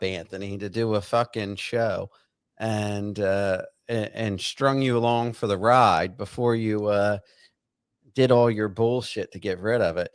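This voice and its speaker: A man's voice: mid-range voice, no echo. Brief: male guest, furious profane rant, stammers and restarts, dry close sound. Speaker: guest bartender. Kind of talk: angry podcast rant.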